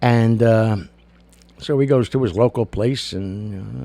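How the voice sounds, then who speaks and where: A gravelly older host chats casually through his show, mixing jokes with blunt opinions and lots of filler words. He speaks slowly at a medium pitch with a warm tone, and the sound has no echo.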